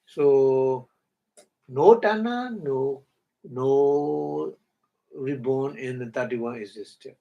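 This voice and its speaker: A man giving a Dhamma talk in halting English, breaking Pali words into syllables, often chuckling and asking if listeners follow. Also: medium pitch, vocal fry, highs cut off. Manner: halting non-native English, chuckles often, checks understanding. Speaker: meditation teacher.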